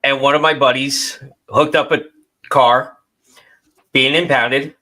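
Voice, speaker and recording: A man in a casual podcast chat, telling a story in a slow, halting way. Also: medium pitch, steady tone, sharp tone. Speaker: podcast regular.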